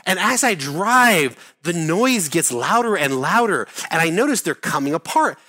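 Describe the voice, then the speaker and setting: A man's voice: high voice, sing-song, normal speed, bright, forceful tone. A man telling a rambling story in casual chat, full of fillers, restarts and swearing.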